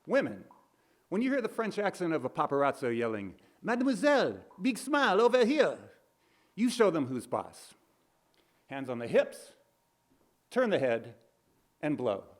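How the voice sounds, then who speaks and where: A man emceeing an award show with a deadpan, self-mocking streak. His pitch moves a lot while he jokes and introduces guests. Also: normal speed, pauses often. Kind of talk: comic emcee patter.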